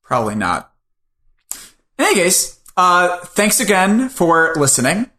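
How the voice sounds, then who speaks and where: A fairly high-voiced man with a bright, forceful tone, chatting loosely as a podcast co-host. He rambles and makes fun of himself. The room around him rings with a noticeable echo. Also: huge pitch swings, measured pace. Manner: rambling, joking, self-deprecating. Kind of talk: casual podcast chat. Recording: roomy echo.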